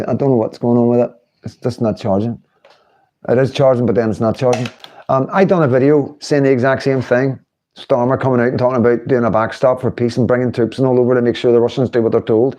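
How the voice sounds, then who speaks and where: A man's voice: mid-range voice, dark tone. A middle-aged man, hosting a casual livestream, chatting and laughing while he mocks politicians. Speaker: livestream host.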